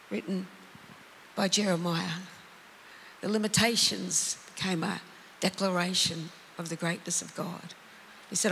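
A preacher delivering a sermon, emphatic and calling out to the congregation, then dropping into quiet, reflective passages. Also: mid-range voice, fairly even intonation, unhurried, pauses often, long reverb tail, a little hiss or hum, low-quality recording.

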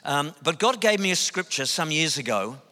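An Australian man, a Christian speaker, telling lively anecdotes in a sermon and acting out the dialogue. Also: on the high side, normal speed. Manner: animated anecdotes, acts out dialogue. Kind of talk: sermon storytelling. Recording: long hall reverb.

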